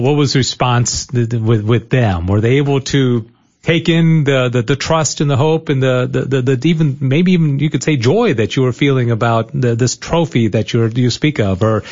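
Male interview host, halting questions, mid-pitched voice, muffled sound. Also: lively intonation. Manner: halting questions with many restarts. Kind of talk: conversational interview.

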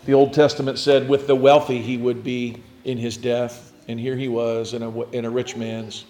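A man preaching a sermon, retelling scripture in a reflective storytelling way, often dropping to a near hush. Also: mid-range voice, little pitch movement, moderate pace, slight background noise.

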